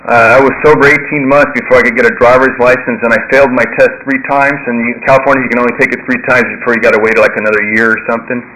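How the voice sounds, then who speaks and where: Fast-talking middle-aged man telling his story. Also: medium pitch, a little hiss or hum, low-quality recording. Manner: loose, conversational, full of "you know" and "uh", animated when quoting himself. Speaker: speaker sharing at a recovery meeting. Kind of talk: personal storytelling talk.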